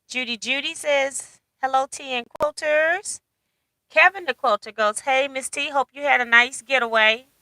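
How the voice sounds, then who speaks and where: A woman's voice: high-pitched, bright, forceful tone, dry recording, low-quality recording. A woman hosting a casual livestream, reading out viewer comments and chatting with a laugh. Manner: chatty, laughs often, reads comments aloud. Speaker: livestream host.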